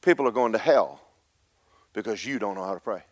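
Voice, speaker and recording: A man's voice: lowish voice, fairly quick, pauses often, no echo, studio quality. Fiery preacher man. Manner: fiery, builds to shouting emphasis. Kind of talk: Pentecostal sermon with storytelling. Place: church.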